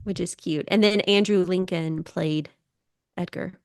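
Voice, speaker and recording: A woman's voice: lowish voice, fairly even intonation, a little slow, darkish tone, no echo. Young woman podcast cohost, rambly casual chat, dry close mic. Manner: chatty, rambling, with restarts and laughs. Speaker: podcast co-host.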